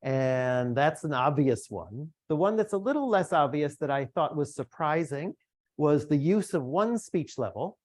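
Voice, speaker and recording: A middle-aged man lectures to a room in a relaxed, conversational way, throwing in asides to his listeners. His voice sits a little high for a man. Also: unhurried, no room sound. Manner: conversational, chatty asides to the audience. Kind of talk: academic lecture.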